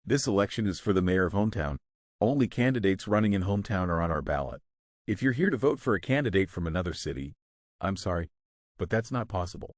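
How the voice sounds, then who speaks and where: A man's voice: low-pitched, dry recording, studio quality. A man reading a patient, weary election worker. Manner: slow, calm, explaining carefully. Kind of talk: scripted story narration.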